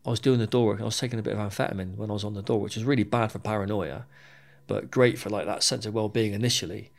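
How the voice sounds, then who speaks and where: A man's voice: fairly low pitch, very fast, creaky. A British man and former soldier, telling his own story in an interview, candid and plain-spoken, with frequent swearing and repeated words. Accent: British English.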